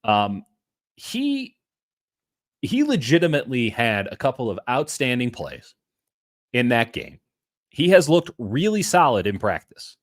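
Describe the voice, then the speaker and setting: Man co-hosting, casual sports chat, animated and playful, mid-pitched voice, dry close sound. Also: a little slow, long pauses, no echo. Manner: animated, fillers and restarts, playful asides. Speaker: co-host.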